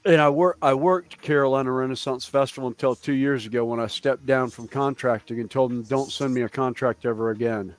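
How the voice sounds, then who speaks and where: A man's voice: mid-range voice, brisk, hardly any pauses, dry recording. Rambling American man in his fifties. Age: 50s. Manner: rambling, swears casually, laughs often. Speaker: host. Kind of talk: casual chat.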